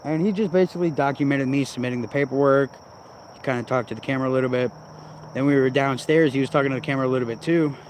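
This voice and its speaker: A man talks straight into his own vlog, rambling and swearing freely with a grumbling, irritated edge. His voice sits at an ordinary middle pitch. Crickets and insects chirp faintly behind him outdoors. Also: racing, a little hiss or hum. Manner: profane, rambling, irritated ranting. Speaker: vlogger.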